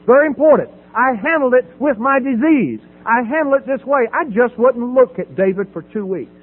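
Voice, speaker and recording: A middle-aged man giving a personal testimony at a recovery meeting podium, dramatic, swinging from loud emphasis to hushed quiet. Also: very high voice, expressive, moderate pace, husky, phone-quality sound. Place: at a podium before an audience. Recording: phone-thin audio with faint hum.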